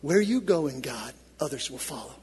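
A man preaching a sermon, sliding from hushed low storytelling to loud shouted peaks and having the congregation repeat lines after him. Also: big pitch swings, normal speed, husky, big-room sound. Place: church.

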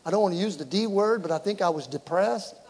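A middle-aged man preaching a sermon, animated and shouting to his congregation. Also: high voice, fast talker, slightly rough. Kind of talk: sermon with personal story. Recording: large hall with long reverb.

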